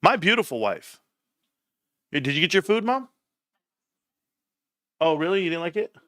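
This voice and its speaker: Bright-voiced man ranting on a livestream. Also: on the high side, normal speed, no room sound. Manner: animated, rambling, swears casually. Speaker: livestream host. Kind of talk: casual livestream chat. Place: home.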